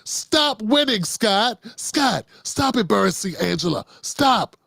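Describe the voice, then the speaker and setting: A man's voice: high voice, lively intonation, takes it slowly, creaky, sharp tone, no echo, clean studio sound, exaggerated voice. A man doing an impression of an exasperated woman news anchor who keeps scolding a panelist by name, over and over.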